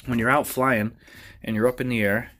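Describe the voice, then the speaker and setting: A man's voice: medium pitch, fairly even intonation, normal speed, fairly bright tone, slight background noise. A man with a stuffy nose giving a casual, rambling update on his drone gear, full of fillers and restarts. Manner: rambling, filler-heavy, restarts mid-sentence. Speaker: FPV drone hobbyist vlogger.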